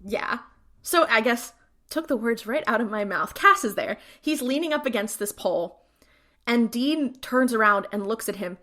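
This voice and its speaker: A woman's voice: fairly high pitch, animated, moderate pace, sharp tone. A woman co-hosting a podcast, chatting casually and retelling scenes with lots of fillers. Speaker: podcast co-host. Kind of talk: casual recap chat.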